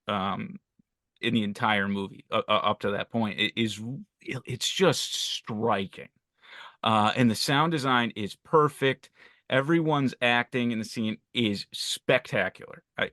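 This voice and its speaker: A man's voice: mid-range voice, a bit bright, no room sound, studio quality. A man as a podcast guest, talking eagerly about a film and often repeating words as he goes. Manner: enthusiastic, stammering repetitions. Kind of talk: casual podcast film discussion.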